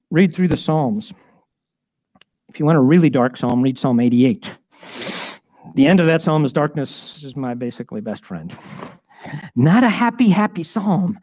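A man's voice: on the high side, lively intonation, moderate pace, pauses often, a little mellow, no echo. A middle-aged man giving a conversational sermon, acting out prayers in shifting voices. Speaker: pastor.

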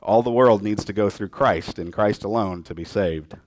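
A man's voice: lowish voice, normal speed, no room sound, studio quality. A man preaching a sermon, retelling a scripture story and acting out the lines of its people in changing voices. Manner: lively storytelling, acts out quotes in voices.

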